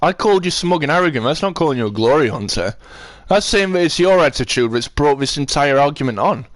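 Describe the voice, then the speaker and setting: Ranting Sheffield man, fairly high voice. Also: expressive, fast, no room sound. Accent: Sheffield English. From Sheffield, England. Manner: ranting, swearing, repeats himself. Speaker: livestreamer. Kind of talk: angry rant to live chat.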